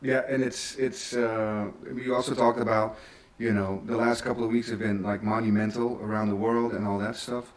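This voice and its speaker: A man hosting a podcast who listens supportively and talks in a casual, sometimes halting way. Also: fairly low pitch, little pitch movement. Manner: supportive, brief backchannel replies, some stammering. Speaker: podcast host. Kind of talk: casual interview chat.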